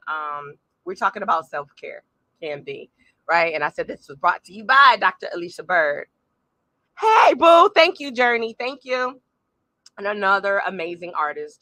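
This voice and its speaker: A middle-aged woman hosting a live-streamed motivational talk from a small room at home, animated and speaking straight to her audience with frequent asides. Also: mid-range voice, no echo. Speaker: podcast host. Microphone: phone or camera on a tripod.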